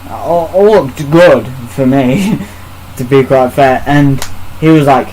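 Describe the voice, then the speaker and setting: A man's voice: medium pitch, takes it slowly, darkish tone, a little hiss or hum, poor audio. Blunt, swearing man telling a story. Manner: blunt, heavy swearing, acts out quoted exchanges. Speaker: podcast host. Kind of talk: casual storytelling chat.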